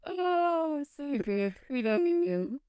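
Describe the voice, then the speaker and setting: A woman's voice: high-pitched, very animated, very slow, dark tone, no echo, muffled recording. A woman co-hosting a podcast, telling a funny story in casual chat and laughing as she goes. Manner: giggly storytelling, laughs mid-sentence. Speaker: podcast co-host.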